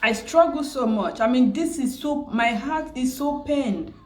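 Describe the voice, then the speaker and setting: A tearful, grieving woman who keeps repeating herself and pausing, vlogging about her loss. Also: high voice, lively intonation, darkish tone, roomy sound. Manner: grieving, repetitive, pausing often. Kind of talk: emotional personal vlog.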